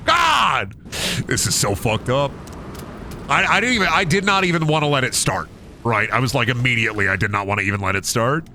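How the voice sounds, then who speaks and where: A man's voice: mid-range voice, pushed and bright. A man streaming a game, riffing jokingly to his chat with plenty of swearing. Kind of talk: casual gameplay commentary.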